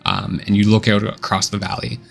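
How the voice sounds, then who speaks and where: A man narrating a fantasy tabletop game as game master in a relaxed, descriptive way. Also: lowish voice, brisk, vocal fry, breathy edge, soft background music. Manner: relaxed, descriptive, many uh and kinda fillers.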